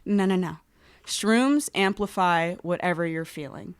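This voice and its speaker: A woman's voice: on the low side, measured pace, clear, resonant tone. A woman guest on a podcast, chatting casually and candidly, swearing freely and acting out quoted voices.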